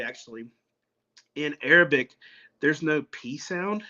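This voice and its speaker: A man's voice: on the high side, lively intonation, measured pace, pushed and bright, lo-fi sound. A man, a guest on an interview show, talking in a casual way with many fillers and restarts. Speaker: guest, pastor and umpire.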